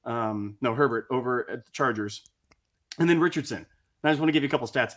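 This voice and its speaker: A man's voice: medium pitch, quick pace, fairly bright tone. A man co-hosting a sports podcast, exasperated as he reels off stats. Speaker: podcast co-host. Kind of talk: casual sports chat.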